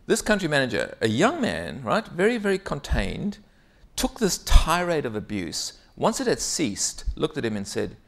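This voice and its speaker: Male executive coach on stage, animated storyteller, gravelly voice. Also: fairly high pitch, moderate pace. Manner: lively storytelling, frequent "right?" asides to the audience. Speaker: keynote speaker, executive coach. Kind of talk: conference keynote talk.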